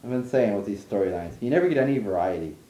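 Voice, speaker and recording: A man's voice: on the low side, animated, quick pace, dark tone. A young man giving a blunt, profane, rambling rant about wrestling, full of fillers. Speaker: wrestling commentator ranting online. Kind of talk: casual rant. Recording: echoey room.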